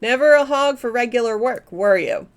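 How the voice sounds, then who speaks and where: A woman's voice: a little high, normal speed, close to an everyday voice. A woman voicing a hearty man ribbing his old friend in a jovial way.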